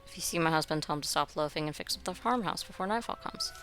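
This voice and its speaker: A woman's voice: sits low, fast talker, fairly bright tone, faint music behind. Sarcastic woman playing a video game. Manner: wry, sarcastic asides. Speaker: game streamer. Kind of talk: gameplay commentary.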